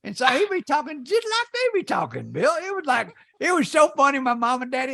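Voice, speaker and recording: Very high, pushed and bright, this gravelly voice belongs to a middle-aged podcast co-host from Indiana who talks a little fast with few pauses and huge pitch swings. He spins folksy stories in casual chat and tends to repeat words as he starts.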